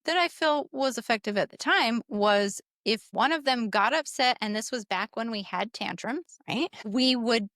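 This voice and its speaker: A woman co-hosting a parenting podcast, explaining in a measured way and filling in her partner's points. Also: on the high side, lively intonation, a bit bright, no room sound, clean studio sound. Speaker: podcast co-host. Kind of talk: casual conversational podcast.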